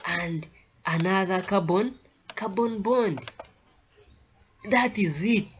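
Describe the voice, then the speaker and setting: A man's voice: fairly high pitch, slight background noise. A man teaching a chemistry lesson, stressing key points over and over and tagging his sentences with "eh?" and "okay?", now and then dropping to a near whisper. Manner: emphatic, repeats key points with tag questions like "eh?" and "okay?".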